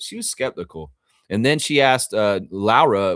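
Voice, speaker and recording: A man hosting a live fan reaction stream in a loose, chatty way, his pitch swinging up and down as he acts out what people said. He swears now and then. His voice sits close to the mic with a dry, dead sound. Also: a little fast, dry recording. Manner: animated, chatty, acts out quotes; casual, swears freely. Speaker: fan channel host.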